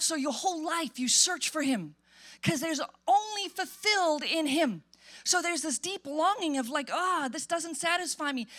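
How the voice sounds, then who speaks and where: Woman pastor, high-pitched, emphatic animated sermon delivery in a church. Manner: animated, emphatic preaching with acted-out quotes.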